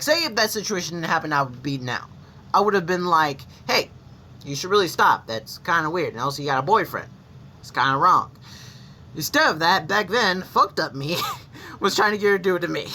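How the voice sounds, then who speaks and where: Lively, bright-voiced young gaming vlogger. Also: mid-range voice. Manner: rambling, with frequent restarts and self-corrections; blunt and confessional, with casual swearing. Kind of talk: candid personal storytelling to camera.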